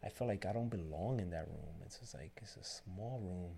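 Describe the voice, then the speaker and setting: A man with a deep, gravelly voice tells a personal story in a loose, rambling way. He quotes the other people in the story as he goes. A faint hum of background noise sits behind him. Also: moderate pace. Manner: rambling, animated retelling with quoted dialogue. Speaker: barbershop owner, guest. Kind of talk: casual storytelling interview.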